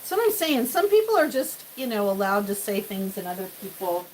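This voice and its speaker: A woman's voice: medium pitch, big pitch swings, moderate pace, darkish tone, a little hiss or hum, rough recording. A woman hosting a casual live-stream cooking chat in her home kitchen, rambling as she talks to viewers and to her ingredients. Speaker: cooking livestream host.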